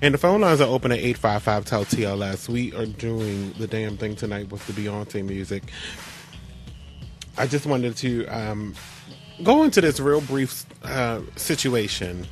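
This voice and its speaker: Animated man hosting radio. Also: on the low side, normal speed, faint music behind. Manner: animated storyteller, restarts often. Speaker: radio show host. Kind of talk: casual radio talk.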